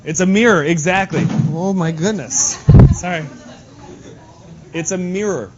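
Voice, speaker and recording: A male math teacher giving a lively, joking lesson to his class in a classroom. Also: high-pitched, unhurried. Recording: dull lo-fi classroom recording with faint noise.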